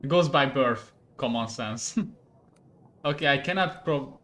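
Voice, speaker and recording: A young man from Hungary with a Hungarian accent, a non-native English speaker, playing a game on stream, laughing often and getting worked up and loud. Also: mid-range voice, a little slow. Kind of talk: gaming commentary.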